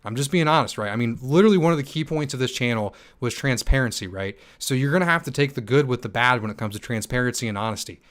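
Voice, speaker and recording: A young man hosting a livestream Q&A, reading chat comments aloud and answering in a hyped, fast manner with many ums and restarts. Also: mid-range voice, lively intonation, a bit bright. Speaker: stake pool operator and channel host.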